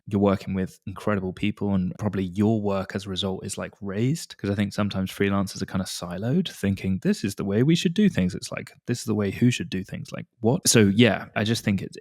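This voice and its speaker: A man's voice: on the low side, darkish tone, dry recording, clean studio sound. A man hosting a podcast interview, asking long, rambling questions in a chatty way with lots of fillers. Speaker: podcast host. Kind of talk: casual interview chat.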